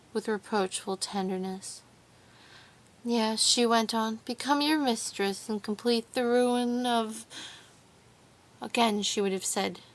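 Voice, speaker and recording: A woman narrating a classic novel as an audiobook, reading in a measured, deliberate way. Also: medium pitch, vocal fry, fairly bright tone. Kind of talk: scripted narration.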